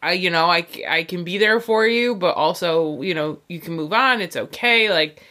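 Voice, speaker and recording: A woman's voice: on the low side, moderate pace, pushed and bright. A woman co-hosting a podcast, chatting casually about a book with blunt, wry remarks. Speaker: podcast co-host.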